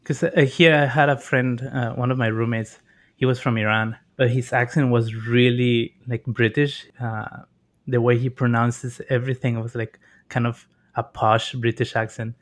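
Chatty curious host from Mexico. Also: male voice, medium pitch, fairly even intonation, moderate pace. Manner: chatty, curious, loose phrasing with many fillers. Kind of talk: casual interview.

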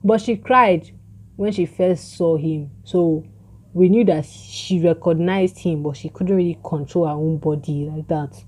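A woman giving an excitable, casual recap of a show's plot, acting out the characters' lines. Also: on the low side, a little slow, breathy edge. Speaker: show recap vlogger.

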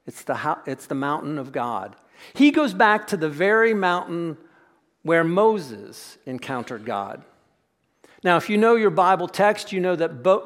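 A man preaching a sermon as pastor in a church, reflective and often sinking into a soft hush. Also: high voice. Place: church sanctuary. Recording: long church reverb.

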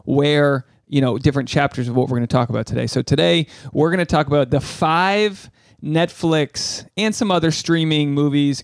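A man from New England co-hosting a casual podcast chat, rambling and animated, joking at his own expense. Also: medium pitch, dry recording, studio quality. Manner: rambling, animated, self-mocking. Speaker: podcast co-host. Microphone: studio microphone.

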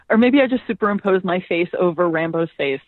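A woman's voice: fairly low pitch, animated, moderate pace, no room sound. A woman author as a podcast guest, speaking thoughtfully with hesitations and easy laughter. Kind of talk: casual interview chat. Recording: phone-like remote line.

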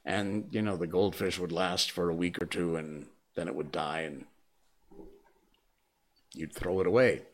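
A man's voice: sits low, fairly even intonation, a little slow, long pauses. A man live streaming from his desk at home, chatting casually into a desk microphone with a rambling, chuckling, anecdotal manner. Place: home desk with a squeaky chair.

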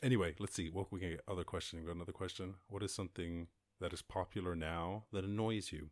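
A podcast host living in rural Ireland speaks fast in a deep, steady male voice, with no echo. He casually rambles through listener questions, swearing and breaking into sudden bursts of outrage.

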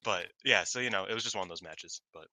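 A man's voice: low voice, quick pace. A man co-hosting a casual podcast chat, telling stories animatedly and acting out what people said, laughing often. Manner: animated storyteller, acts out quotes, laughs often. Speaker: podcast co-host. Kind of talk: casual chat reviewing wrestling shows.

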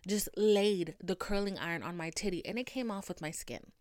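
A woman's voice: mid-range voice, normal speed, dry recording, clean studio sound. Profane young woman venting on her podcast. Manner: profane, dramatic, animated storytelling. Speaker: podcast host. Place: home recording setup. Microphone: podcast microphone.

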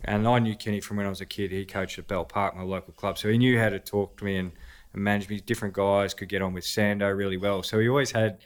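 An Australian man with a somewhat low voice tells animated stories as a podcast guest. He talks casually and breaks into laughter between anecdotes. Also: fast talker. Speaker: podcast guest, former footballer. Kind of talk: casual storytelling conversation.

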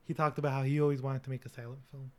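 A young man hosting a casual film discussion, relaxed and laughing easily, with many fillers. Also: medium pitch, racing. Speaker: discussion host.

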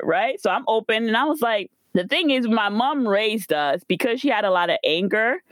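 A woman's voice: a little high, expressive, normal speed, few pauses, dry recording. A woman telling a painful family story in a casual conversation. She talks candidly and emotionally, close to tears, and cusses freely. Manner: candid and emotional, with frequent cussing and "like". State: near tears.

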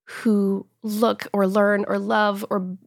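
A woman's voice: medium pitch, flat delivery, takes it slowly, creaky, dry recording. Heartfelt woman author, dry studio sound. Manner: heartfelt, emotional, laughs often. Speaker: author guest. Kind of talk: podcast interview.

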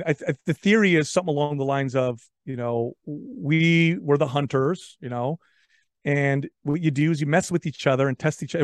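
A man's voice: fairly high pitch, no echo. A man in casual podcast conversation, telling stories animatedly and often repeating words as he talks. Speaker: podcast guest. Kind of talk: casual chat.

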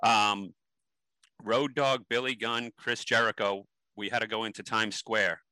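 A man's voice: lowish voice, fairly even intonation, a little slow, sharp tone, no echo, poor audio. A man being interviewed, telling stories animatedly with many ums and restarts. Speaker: interview guest. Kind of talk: casual interview storytelling.

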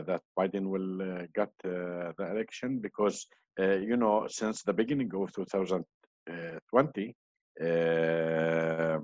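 A man's voice: fairly low pitch, dry recording. A man answering questions as an interview guest, hesitant, with many fillers and restarts. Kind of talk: online panel interview. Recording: dull lo-fi sound.

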